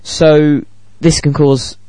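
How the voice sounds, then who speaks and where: A man co-hosting a casual tech podcast, explaining things in an animated way and acting out quoted dialogue. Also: fairly high pitch, takes it slowly, no room sound. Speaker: podcast co-host.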